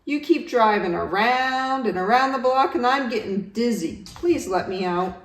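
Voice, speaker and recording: Storybook walrus, whiny and pleading, high and strained, woman reader, echoey and far off. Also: expressive, measured pace. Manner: moaning, pleading and wailing. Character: weary, fretful male walrus passenger. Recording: roomy, distant home recording.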